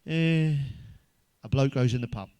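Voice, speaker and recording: A smooth, dark-toned, mid-range voice belongs to a middle-aged stand-up comedian who speaks a little slowly. He tells crude, sweary jokes in a rambling monologue, chuckling at each punchline.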